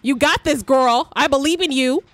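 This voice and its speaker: A young woman streams a video game, talking through it with excitable commentary. She swears freely, cheers on her teammates, and breaks into shrieks when she is chased. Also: high voice, moderate pace, no room sound. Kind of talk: live gameplay commentary.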